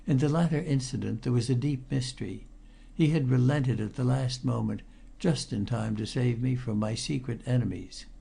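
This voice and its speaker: Gravelly male audiobook narrator. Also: mid-range voice, dark tone. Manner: measured, grave storytelling. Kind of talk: scripted first-person narration.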